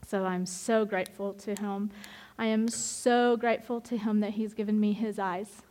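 A woman's voice: medium pitch, moderate pace. A middle-aged woman leading a women's Bible study, talking candidly with lots of restarts. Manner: animated and candid, with frequent laughs and restarts. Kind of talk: informal devotional teaching.

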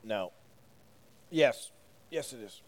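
A man's voice: mid-range voice, lively intonation, takes it slowly. A man, a youth pastor, giving a casual sermon to a group, asking them questions and joking between points. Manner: conversational, asks the group questions, joking asides.

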